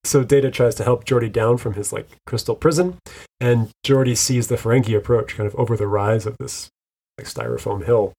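A man's voice: medium pitch, fairly quick, mellow, husky. Easygoing man recapping, laughing a lot. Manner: rambling, laughs easily, many fillers. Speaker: podcast co-host. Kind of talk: casual chat recapping a TV episode.

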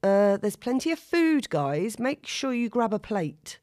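A woman's voice: on the high side, sing-song, measured pace, a little mellow, dry recording, voice pushed up. Brief: woman reader voicing kind young hostess, polite, close dry sound.

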